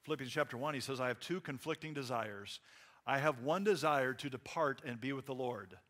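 A man preaching a sermon in a conversational way, acting out little quotes and swinging between loud emphasis and quiet asides. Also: medium pitch, a little fast. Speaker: pastor.

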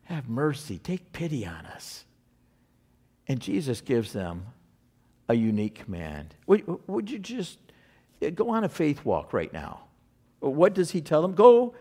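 Animated man preaching a sermon. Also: fairly high pitch. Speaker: pastor.

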